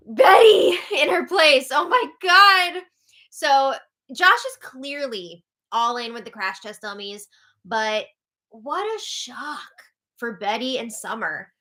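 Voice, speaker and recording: Bright-voiced chatty woman host. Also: fairly high pitch. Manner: chatty, laughs often, drawn-out exclamations. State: tired, yawning. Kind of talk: casual live update chat.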